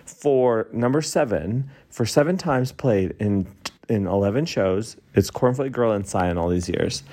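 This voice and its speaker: A man's voice: lowish voice, animated, unhurried, mellow. A tipsy man hosting a podcast, rambling through a casual late-night monologue and laughing often. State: tipsy from wine. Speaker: podcast host.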